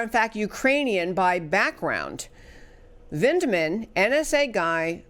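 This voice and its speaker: Indignant woman host, fairly high voice. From United States. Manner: emphatic and indignant, voice rising high on outrage; spells out words and stumbles into restarts. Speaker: political talk show host. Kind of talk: opinion commentary monologue.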